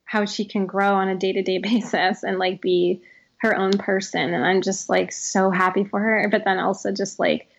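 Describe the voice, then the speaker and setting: A woman's voice: mid-range voice, flat delivery, moderate pace, gravelly, lo-fi sound. A woman in her thirties, an author being interviewed, talking reflectively with many "like"s and restarts, often laughing. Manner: heavy use of "like", frequent restarts, laughs often. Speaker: author guest.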